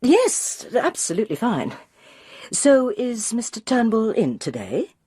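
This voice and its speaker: A friendly, tentative woman feels her way with polite questions, voiced by a woman reading the story. Her voice is husky with lively pitch, recorded dry. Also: a little slow, no room sound, full character voice.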